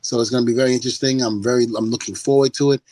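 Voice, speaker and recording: An older man chats as a podcast guest, animated and quick to laugh, swearing as he goes. His voice sits at a middle pitch. The sound is dry and close. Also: dry recording. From United States. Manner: animated storyteller who laughs often and swears freely. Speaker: guest, former wrestler. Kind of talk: casual podcast chat.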